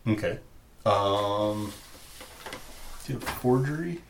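A man's voice: fairly low pitch, expressive, takes it slowly, gravelly, slight background noise. A man narrating as game master in a tabletop game, loose and chatty. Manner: loose and chatty, many fillers.

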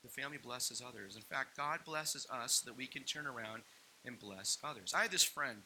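A man's voice: medium pitch, expressive, brisk, bright, forceful tone, a little hiss or hum, poor audio. A man preaching a sermon as pastor, telling stories with playful asides and acted-out quotes. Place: church hall.

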